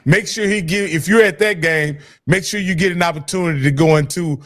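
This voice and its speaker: A man's voice: a little high, brisk. A man hosting a sports talk show, teasing his co-hosts and steering the conversation. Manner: teasing, lively host. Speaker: show host.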